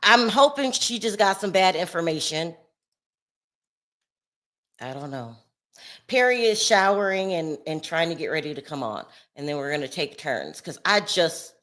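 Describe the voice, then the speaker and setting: A woman hosting a casual live stream from home, upset and shaky, rambling between loud outbursts and sighing murmurs. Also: on the low side, lively intonation, normal speed.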